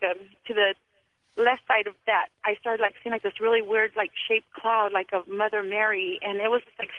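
A woman's voice: medium pitch, no echo. A woman calling in to a radio show, telling a strange story in a rambling way with many fillers. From California. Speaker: caller. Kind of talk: phone-in storytelling. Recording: tinny phone line.

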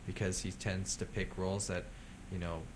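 A man's voice: deep voice, little pitch movement, moderate pace, a little hiss or hum. A man co-hosting a casual film talk, blunt and opinionated, swearing casually.

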